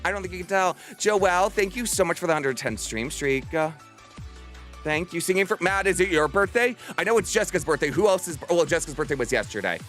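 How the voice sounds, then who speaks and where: A man's voice: high voice, expressive, a little fast, fairly bright tone, faint music behind. A man in his thirties chatting casually with viewers on a livestream, bubbly and theatrical. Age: 30s. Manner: bubbly and theatrical, bursts into playful screams.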